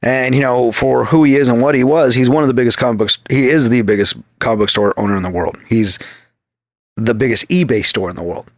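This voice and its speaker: A man's voice: medium pitch, a little fast, no echo, clean studio sound. A man telling stories in a loose, profane podcast chat, often acting out quoted back-and-forth. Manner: swears constantly, acts out quoted exchanges. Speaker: podcast guest. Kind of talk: profane casual storytelling.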